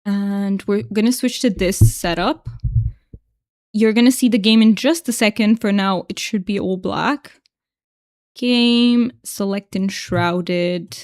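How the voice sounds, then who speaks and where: A woman's voice: mid-range voice, takes it slowly, darkish tone, no room sound, clean studio sound. A woman streaming a game, chatting casually with viewers, giggling often and thanking them. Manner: giggly, laughs often between lines. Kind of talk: casual livestream chat.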